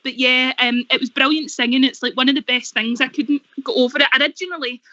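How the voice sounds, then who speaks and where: A bright, high-voiced young Scottish woman chatting on a phone-in, bubbly and full of laughs. The sound is dull and lo-fi, close and dry. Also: steady tone, no room sound. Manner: bubbly, laughs often, tells stories fast. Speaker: singer and guest. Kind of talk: radio phone-in chat.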